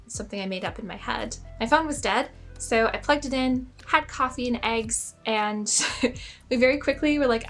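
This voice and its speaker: A woman's voice: a little high, a bit bright. A young woman telling a personal story in a casual vlog, chatty and self-mocking, full of "like" fillers. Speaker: spiritual storyteller.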